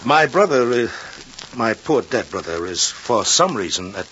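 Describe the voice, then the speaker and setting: An actor playing a sly, scheming village man who feigns grief and talks smoothly and evasively, in an old radio drama. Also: fairly low pitch, sing-song, a little slow, a bit bright, a little hiss or hum. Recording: dull lo-fi old radio recording.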